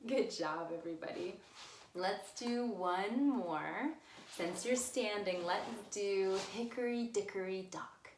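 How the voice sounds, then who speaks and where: A woman librarian reading a story and leading songs for children, slow, animated and sing-song. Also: mid-range voice, roomy sound, slight background noise.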